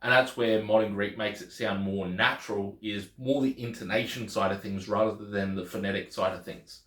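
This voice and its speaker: A man with a lowish voice teaches a language lesson in a relaxed, explanatory way, circling back and repeating words as he thinks. The room around him is echoey. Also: moderate pace. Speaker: Greek teacher.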